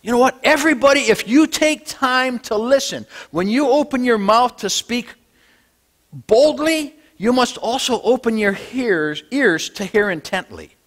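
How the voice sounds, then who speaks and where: A male pastor delivers a Sunday sermon in a church sanctuary. His voice sits high and swings widely, rising to loud declarations and sinking to hushed lines. He sometimes drifts away from the microphone. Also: measured pace. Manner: animated preaching, swinging between loud declarations and low, quiet lines.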